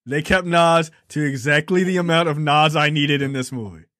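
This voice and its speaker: A man's voice: on the high side, moderate pace, fairly bright tone, no room sound, studio quality. A man co-hosting a casual film podcast, teasing his friends, laughing and swearing freely. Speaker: podcast film review co-host. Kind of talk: casual joking banter.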